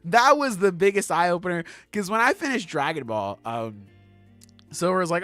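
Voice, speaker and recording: A young adult man hosting a podcast in casual chat, animated, swearing and laughing often. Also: fairly high pitch, normal speed, soft background music. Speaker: podcast host.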